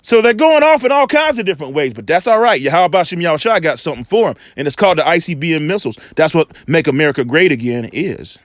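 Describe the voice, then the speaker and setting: A man giving informal scripture commentary, emphatic and colloquial, slowing right down when he reads verses aloud. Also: a little high, animated, dry recording. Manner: emphatic, colloquial, drawn-out slow scripture reading. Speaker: preacher commenting on video clips.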